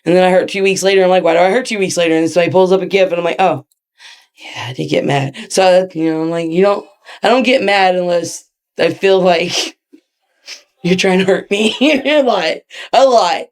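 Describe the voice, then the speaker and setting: A woman's voice: fairly low pitch, normal speed, a little mellow. Laughing, blunt middle-aged woman. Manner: laughing often, blunt, profane storytelling. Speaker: guest, wrestler. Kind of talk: casual interview chat.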